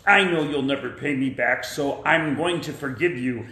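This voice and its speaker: A man's voice: mid-range voice, moderate pace, bright, forceful tone, roomy sound. A man playing a stern demanding king.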